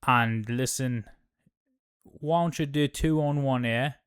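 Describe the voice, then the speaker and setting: A man's voice: medium pitch, slow pace, a bit bright, smooth, dry recording, clean studio sound. A man voicing an arrogant knight who taunts his enemies and swears. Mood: boastful. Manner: boastful, swaggering, profane.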